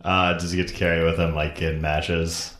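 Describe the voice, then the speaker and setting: Deep-voiced laid-back man. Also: little pitch movement, brisk, fairly bright tone, roomy sound. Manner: laid-back, short reactions and laughs. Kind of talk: casual chat.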